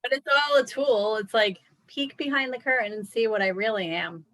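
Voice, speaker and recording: A woman's voice: on the high side, moderate pace, fairly bright tone, low-quality recording. A woman co-hosting a casual chat about yoga, thoughtful, often restarting her sentences and saying "like". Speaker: yoga teacher co-host.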